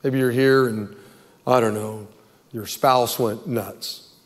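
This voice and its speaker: A man preaching to his congregation in a mid-pitched voice, earnest and pleading. His words ring out with a long hall echo around them, as in a big church sanctuary. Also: fairly even intonation, takes it slowly. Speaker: pastor. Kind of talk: sermon altar call and prayer.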